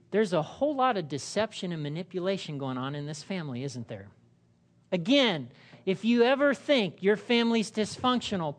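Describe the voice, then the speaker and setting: A woman's voice: medium pitch, very animated, normal speed. A woman pastor preaching a sermon in a church, asking rhetorical questions and repeating key phrases.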